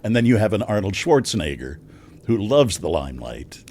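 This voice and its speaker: A man's voice: lowish voice, very animated, moderate pace, darkish tone, a little hiss or hum. A man from Chicago hosting a podcast, asking questions and chatting casually with his guest. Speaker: podcast host. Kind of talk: casual interview chat.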